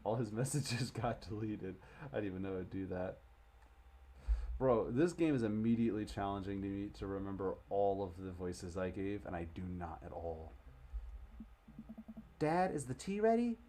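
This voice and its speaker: A man's voice: low voice, normal speed, warm tone. A young man streaming a game live, chatting casually and joking, swearing freely as he reads along. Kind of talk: live game playthrough chat.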